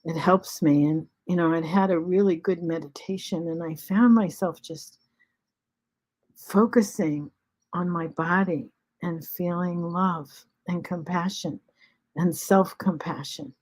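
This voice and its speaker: A woman of seventy-three talking in a halting, soft way at home, pausing with many ums and restarts. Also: lowish voice. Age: 70s. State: short of breath after covid. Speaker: vlog host. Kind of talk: casual spoken reflection.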